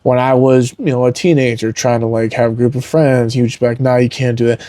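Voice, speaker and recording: A man's voice: medium pitch, fairly even intonation, fast talker, mellow, no echo. A young adult man, a fighter on a podcast, talking candidly and earnestly, rambling with lots of "like" and "man". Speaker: podcast guest, MMA fighter. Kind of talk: candid emotional interview talk.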